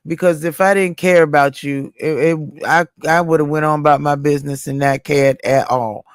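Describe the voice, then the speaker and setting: A woman's voice: low voice, fairly even intonation, moderate pace, clear, resonant tone, no echo, studio quality. Earnest woman talking things out. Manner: earnest, conciliatory. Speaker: livestream panelist. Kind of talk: casual chat.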